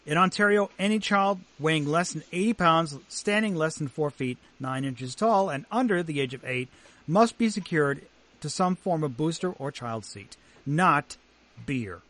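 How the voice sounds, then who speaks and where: A man's voice: on the high side, expressive, moderate pace, a bit bright. A man co-hosting a podcast, reading out news items with wry asides and chatting casually. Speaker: podcast co-host.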